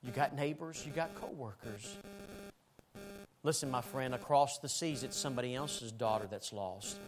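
A man preaching a sermon and giving an altar call, swinging from loud pleading to hushed tones. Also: medium pitch, moderate pace, over music, low-quality recording. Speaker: pastor.

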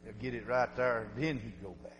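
A middle-aged man preaching a sermon in plain folksy speech, drifting from hushed storytelling to shouted exhortation. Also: mid-range voice, fairly even intonation, a little fast, highs cut off, noisy background. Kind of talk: fiery sermon. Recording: long hall reverb.

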